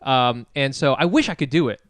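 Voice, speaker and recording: A man's voice: mid-range voice, animated, a little fast, fairly bright tone, dry recording, studio quality. A man co-hosting a podcast, chatting casually with frequent agreement and restarts as he reflects. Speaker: podcast co-host.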